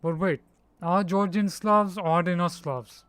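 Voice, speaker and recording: A man streaming a strategy game, speaking slowly and haltingly with a slightly high voice. He sounds out hard names bit by bit and laughs at his own slips. The sound is clear, close and dry. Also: fairly even intonation, a bit bright, dry recording. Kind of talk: casual live-stream chat.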